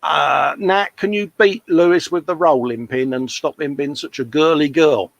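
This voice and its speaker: A man's voice: on the high side, normal speed, vocal fry, no room sound, lo-fi sound. Joking man hosting a live chat. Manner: jokey banter, calls everyone mate. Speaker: live show host. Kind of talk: casual live-stream chat, reading viewer comments.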